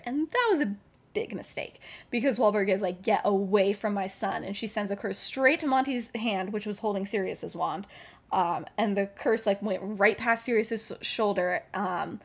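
A woman's voice: medium pitch, normal speed, husky. A woman hosting a podcast who retells a story in a chatty, casual way with many filler words. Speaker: podcast host.

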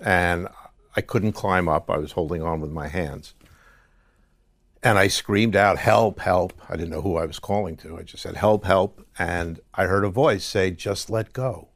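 A man being interviewed, telling a personal story in a reflective, halting way with frequent restarts. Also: low voice, fairly bright tone, no room sound, studio quality. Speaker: guest. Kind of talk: conversational interview.

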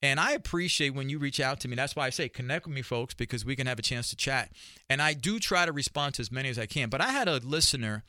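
Energetic New York man hosting a show. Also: medium pitch, quick pace, no room sound, clean studio sound. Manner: energetic, emphatic, repeats phrases. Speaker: talk show host. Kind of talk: solo podcast monologue.

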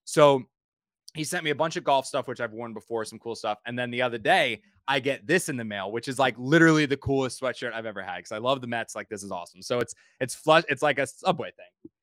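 Male podcast host, rapid rambling talker with a dry close sound. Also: medium pitch, fairly bright tone, dry recording. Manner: rambling storyteller who repeats words. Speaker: podcast host and sports reporter. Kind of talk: casual podcast chat.

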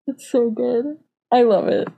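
A woman's voice: a little high, gravelly, husky, narrow, tinny audio. A young woman co-hosting a casual book chat, rambling with many "like" fillers and restarts. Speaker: podcast co-host.

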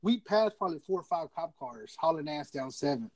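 A man's voice: a little high, brisk, no echo. A man eagerly recounting a story in casual chat, swearing and tossing in "dude" often. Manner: excited, profane, says "dude" a lot. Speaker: guest.

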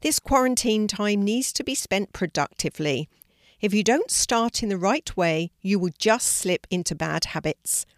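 A woman's voice: mid-range voice, animated, moderate pace, no room sound, studio quality, natural voice. An older woman reading a storybook, voicing a cheerful, organised young schoolgirl in a lifted voice.

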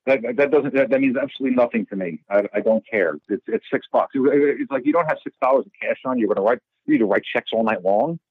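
A fast-talking man from New York spins bartending stories in an animated, profane way, often restarting his sentences. The recording is dry and slightly dull. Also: mid-range voice, husky, dry recording. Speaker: bartender and guest. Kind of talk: casual storytelling.

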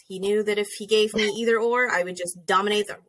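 A young woman co-hosting a podcast in casual chat, animated and joking, swearing freely, on a video call. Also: mid-range voice, quick pace. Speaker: podcast co-host.

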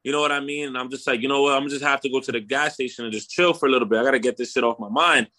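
A young man telling a story in casual chat, animated and slangy, swearing and tagging lines with "bro" and "right?". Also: medium pitch, racing.

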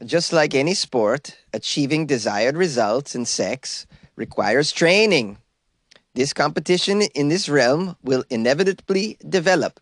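A man's voice: fairly high pitch, dry recording, clean studio sound, natural voice. A man voicing a male Swedish sex-sport federation official in an exaggerated fake Swedish accent. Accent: mock Swedish. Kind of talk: comic impression read-out.

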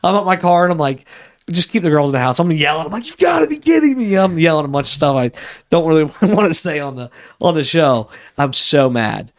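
A man's voice: a little high, a little fast. A man in his thirties, a podcast co-host, telling a story in casual chat and acting out the voices he quotes. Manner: animated, acts out quoted voices.

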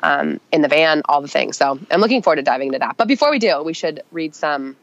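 A woman's voice: low-pitched, animated, quick pace, dry recording. A woman co-hosting a podcast, chatting casually and upbeat with many fillers, her voice nasal from a cold. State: nasal, getting over a cold. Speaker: podcast co-host. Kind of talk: casual chat. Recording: dull, dry sound.

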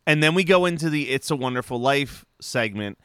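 A man with a bright, crisp voice chats on a podcast, recounting a cartoon plot with lively energy. He swears freely and jumps into the characters' lines. The sound is close and dry, with no room around it. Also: mid-range voice, fairly quick, no room sound. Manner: animated, swears, acts out characters in quotes. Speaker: podcast co-host. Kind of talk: casual podcast chat.

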